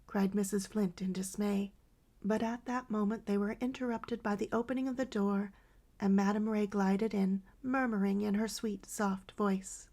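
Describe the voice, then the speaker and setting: Gravelly woman narrating an old novel. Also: mid-range voice, level tone, a little mellow. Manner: measured, dramatic storytelling. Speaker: audiobook narrator. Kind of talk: scripted narration of a 19th-century novel.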